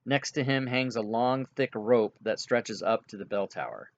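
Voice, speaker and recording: Man running a tabletop game, halting, muffled lo-fi audio, mid pitch. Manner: halting, filler-heavy, chuckles at players. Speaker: game master.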